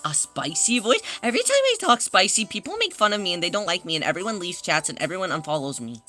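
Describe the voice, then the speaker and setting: A man's voice: sits high, very animated, fast, soft background music. A man chatting casually on a livestream, rambling and self-conscious, greeting viewers as they arrive. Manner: greets chat members warmly.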